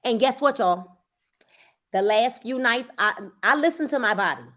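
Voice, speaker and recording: Animated, emphatic woman sales coach. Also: a little high, normal speed. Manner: emphatic, repeats phrases for effect; bursts into loud urging at times. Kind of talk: casual motivational talk.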